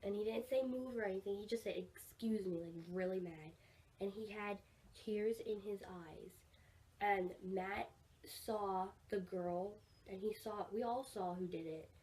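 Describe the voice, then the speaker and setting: Teen girl vlogger, gushing storytime, mellow tone, a bit off-mic, faint room hiss. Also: mid-range voice, measured pace. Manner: rambling, excited, fillers like "like" and "oh my gosh". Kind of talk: casual storytime vlog. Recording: somewhat distant mic with faint room noise.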